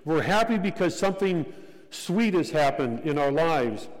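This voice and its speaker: A man preaching a sermon as pastor, measured and deliberate, repeating key phrases for emphasis. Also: on the high side. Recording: long hall reverb.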